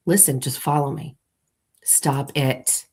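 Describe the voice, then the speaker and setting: Woman, very low voice, morning show host, playful, theatrical comic storyteller. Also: steady tone, takes it slowly, a little mellow, breathy edge. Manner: playful, theatrical, leads listeners through an imagined scene. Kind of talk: comic storytelling to a live audience.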